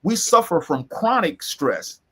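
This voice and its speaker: An emphatic man in co-hosts a serious talk, voice pitched high. He drives points home by repeating key phrases slowly. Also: very animated, sharp tone, husky. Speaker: co-host. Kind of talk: earnest discussion.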